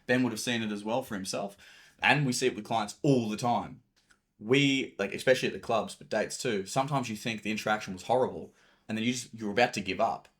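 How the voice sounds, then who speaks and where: A male dating coach speaks in a slightly low voice. He talks casually and bluntly, swearing freely and mixing in acted-out examples. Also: quick pace, a bit bright.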